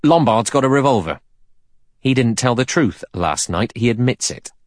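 A man voicing an agitated former policeman who speaks loudly and quickly. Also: mid-range voice, expressive, dry recording, clean studio sound, voice pushed up, natural voice.

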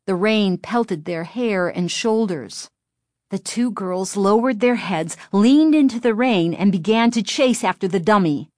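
A woman narrating a children's story in a steady, expressive storytelling manner. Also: mid-range voice, a little slow, no room sound, clean studio sound. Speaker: audiobook narrator. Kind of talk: scripted narration.

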